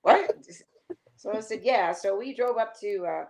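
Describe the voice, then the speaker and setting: Gravelly-voiced older woman telling a story. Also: mid-range voice, normal speed. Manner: lively, laughs and acts out quotes. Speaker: guest singer. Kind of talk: animated storytelling on a talk show.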